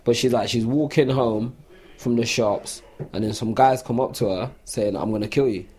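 A man's voice: medium pitch, steady tone, normal speed, dark tone, a little hiss or hum. A man, telling a long story in a casual podcast chat, full of "like" fillers. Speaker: podcast co-host.

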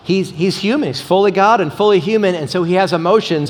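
A middle-aged man, a pastor, preaching a sermon with animated storytelling. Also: fairly quick, hardly any pauses. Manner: animated storytelling, voice jumps high for quoted exclaims. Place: church sanctuary. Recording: reverberant church sanctuary.

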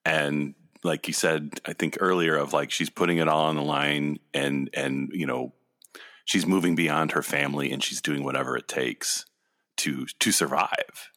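Low-voiced man with a bright edge. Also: fairly even intonation, moderate pace. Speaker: podcast co-host. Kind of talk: casual chat recapping a TV episode.

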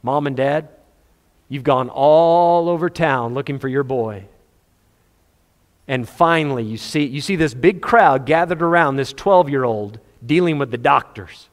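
A man preaching a sermon, telling the story with animated, acted-out scenes. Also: mid-range voice, measured pace. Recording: long hall reverb.

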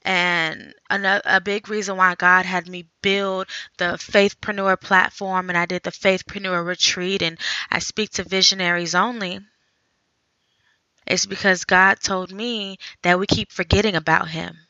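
A woman hosting a faith podcast, talking earnestly in a conversational way, thinking out loud. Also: lowish voice, little pitch movement, a little slow, no room sound, lo-fi sound. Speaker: podcast host.

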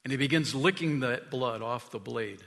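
A man preaching a sermon as pastor, telling stories with emphasis, dropping to a hush and rising to loud calls. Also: medium pitch, moderate pace, in a large hall. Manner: emphatic storytelling preacher, swinging from hushed to loud. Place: church sanctuary. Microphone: stage mic.

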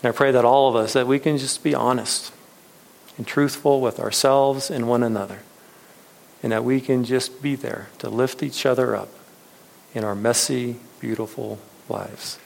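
A man's voice: medium pitch, steady tone, moderate pace, gravelly, a little hiss or hum. A man preaching a sermon, earnest and reflective, telling stories to make his point. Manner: earnest storytelling preacher, soft reflective closes. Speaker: pastor.

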